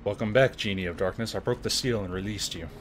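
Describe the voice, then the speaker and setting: A man playing a pompous, arrogant adventurer in a video game, declaiming his lines with a lowish voice over faint music. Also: fast, close to an everyday voice. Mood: commanding. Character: arrogant male adventurer claiming mastery. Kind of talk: voicing game characters on a livestream.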